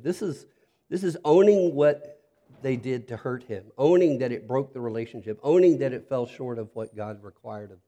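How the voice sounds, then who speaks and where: A man preaching a sermon as pastor, earnest and reflective, dropping to a soft, intimate tone when he speaks directly to listeners. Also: mid-range voice, moderate pace.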